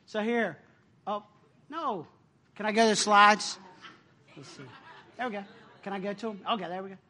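A middle-aged man preaches in a loose, animated way, laughing and dropping casual slang as he talks through slides. His voice sits very high and sounds strikingly bright. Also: moderate pace, slight background noise. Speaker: speaker sharing a mission trip story. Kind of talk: informal sermon with slides.

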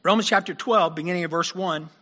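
A man's voice: sits high, quick pace, sharp tone. A man preaching a sermon as pastor, conversational and self-deprecating, and a little worn as he is losing his voice.

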